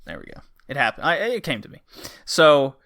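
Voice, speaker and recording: A man's voice: on the high side, wildly swooping pitch, fairly quick, gravelly, pushed and bright. A man hosting a podcast who chats casually about a game, rambling and acting out the characters' lines. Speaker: podcast host. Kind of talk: casual game review chat.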